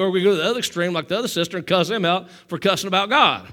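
A man preaching a sermon to his church, telling a story with emphasis and calling for amens, swinging between loud and hushed. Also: high-pitched, fast talker. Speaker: pastor.

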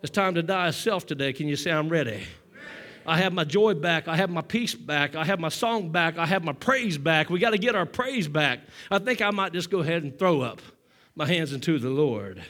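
A male pastor preaching a sermon with call-and-response, swinging from hushed storytelling to loud exhortation, short of breath. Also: on the high side, expressive, normal speed.

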